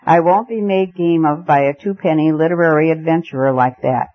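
A man's voice: fairly high pitch, a little fast, natural voice. A man reading aloud as a big, panting old baronet who blusters indignantly. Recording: muffled lo-fi recording.

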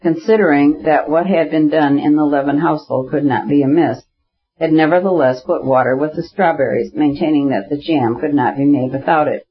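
A man narrating a novel in a steady, measured reading. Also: a little high, highs cut off. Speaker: audiobook narrator. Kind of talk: scripted narration.

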